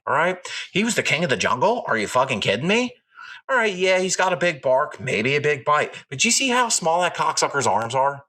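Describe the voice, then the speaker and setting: A man riffs on a comedy podcast, swearing freely and spinning absurd rants. His voice is bright and edgy, and his pitch swings widely from line to line. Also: sing-song, brisk. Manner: profane, rambling, jokey rants. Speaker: podcast co-host. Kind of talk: crude comedic podcast banter.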